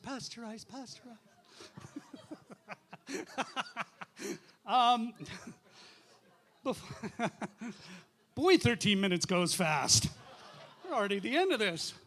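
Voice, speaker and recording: A man's voice: sits high, sing-song, takes it slowly, long pauses, a bit bright. A man performing stand-up comedy and comic drinking songs, teasing the crowd live on stage. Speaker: comedian and singer.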